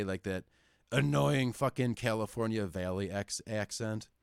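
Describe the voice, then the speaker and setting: A man's voice: medium pitch, clear, resonant tone, no room sound, studio quality. A young man from Wisconsin, ranting and swearing heavily in casual podcast chat. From Wisconsin, United States. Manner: profane, ranting, heavy swearing. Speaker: podcast host.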